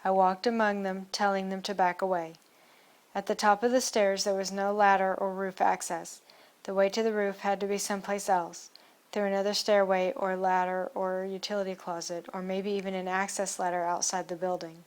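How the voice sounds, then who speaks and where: A woman narrates an adventure novel in the first person, keeping her reading steady and measured. Her pitch sits mid-range and barely moves, giving the telling an even, level sound. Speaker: audiobook narrator.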